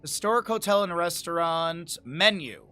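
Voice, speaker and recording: Man, streamer, casual chat, laughs a lot, high-pitched, faint background music. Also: animated, normal speed, bright, forceful tone, smooth. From Lake Tahoe area, United States. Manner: chatty, laughs often, reads aloud from a menu.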